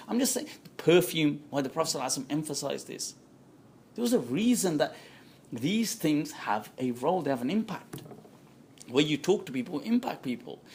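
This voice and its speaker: Animated male lecturer, fairly high voice. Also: a little hiss or hum. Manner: animated and conversational, acting out quoted voices; frequent quick laughs. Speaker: Islamic scholar giving a lecture. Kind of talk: lively lecture to a live audience. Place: indoor talk before a small audience.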